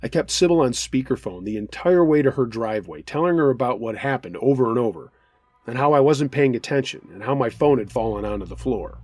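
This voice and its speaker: Husky-voiced man telling a scary story. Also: medium pitch, lively intonation, a little fast, a little mellow, no room sound. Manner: earnest, dramatic storytelling. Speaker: host reading a listener's story. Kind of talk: first-person scary story narration.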